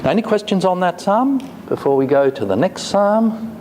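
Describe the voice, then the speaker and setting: A man giving a classroom lecture, speaking deliberately with frequent fillers and reading phrases slowly before explaining them. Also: sits high, animated. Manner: deliberate, halting with many fillers; reads Hebrew slowly, then glosses it. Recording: echoey hall with faint noise.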